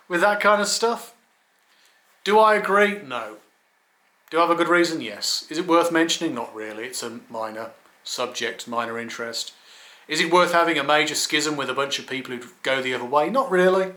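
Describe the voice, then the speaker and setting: Wry English bloke, rambling monologue, fairly high and tense, echoey room. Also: male voice, bright, forceful tone. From England. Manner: wry, blunt, swears, stammering restarts. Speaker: video blogger.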